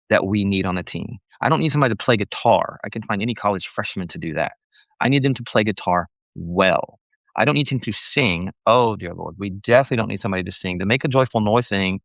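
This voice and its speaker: A man with a fairly low, gravelly voice talks to church leaders on a live stream. He is blunt and sarcastic and wanders off on tangents, correcting himself mid-sentence. The sound is dry and close. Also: a bit bright, dry recording. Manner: rambling, with self-corrections.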